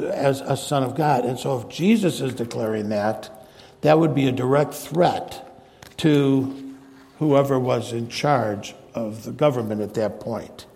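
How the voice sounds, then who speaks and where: Guy preaching a sermon, low mellow voice with some gravel, big echoey hall. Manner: expository Bible teaching, paraphrasing scripture.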